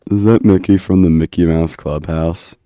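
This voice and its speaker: A man's voice: low-pitched, fairly even intonation, moderate pace, mellow, no room sound, studio quality. A man casually talking through his game code, joking and swearing as he debugs. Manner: casual, swears, jokey asides. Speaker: game developer. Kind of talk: casual commentary while coding.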